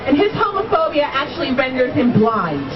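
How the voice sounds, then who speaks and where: High, lively woman doing stand-up. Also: moderate pace, music in the background. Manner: animated storytelling, acts out quoted voices, laughs often. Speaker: stand-up comedian. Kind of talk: stand-up comedy set. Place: comedy club stage. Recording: distant lo-fi club recording with loud crowd. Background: loud audience laughter and room noise.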